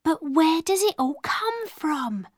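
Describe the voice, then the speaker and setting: A woman's voice: sits high, sing-song, slow pace, dry recording, clean studio sound, pitched above the performer's own voice, full character voice. A woman voicing a timid young servant girl who asks eager, breathless questions. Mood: hushed wonder.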